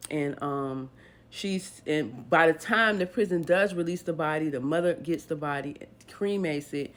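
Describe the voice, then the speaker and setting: A woman's voice: low-pitched, a little slow. A woman retelling a dramatic true story in a casual storytime way, animatedly acting out the people's lines.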